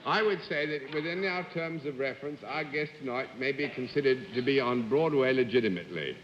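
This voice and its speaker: A man's voice: medium pitch, brisk, in a large hall, highs cut off, a little hiss or hum. A man hosting a 1950s TV panel game show in a formal, courtly, mock-stern manner. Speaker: host. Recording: old 1950s TV broadcast.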